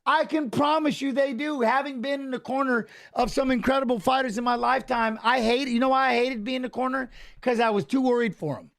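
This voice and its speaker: High-voiced man rambling through live fight talk. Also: fast talker, gravelly, hardly any pauses. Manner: animated, rambling, repeats phrases. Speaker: watch-along host, former fighter. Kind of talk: casual live fight commentary.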